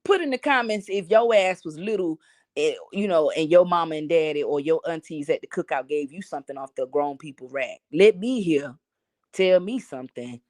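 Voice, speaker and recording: A woman live-streaming in casual chat, telling profane, animated stories and talking to her viewers. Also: sits low, moderate pace, dry recording, studio quality. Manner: talks to chat and reads comments aloud.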